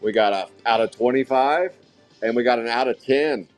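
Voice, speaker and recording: A man's voice: mid-range voice, moderate pace, faint music behind. A man hosting a live trading card break, calling out each pull with hype-filled, casual commentary and the odd curse. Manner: hype-driven, excitable calling of card pulls, casual swearing.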